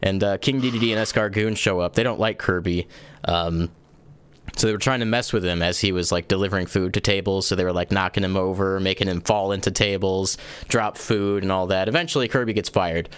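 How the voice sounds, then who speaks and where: A young adult man hosting a casual podcast, telling stories in an animated, rambling way and laughing often. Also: low voice, fairly quick, clean tone, no echo. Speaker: podcast host.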